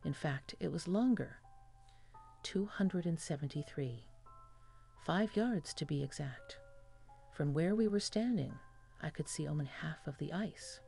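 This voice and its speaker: Woman reading a creepy story, deep and mellow, soft music under it. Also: lively intonation, unhurried, gravelly, long pauses. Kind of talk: scripted horror story narration.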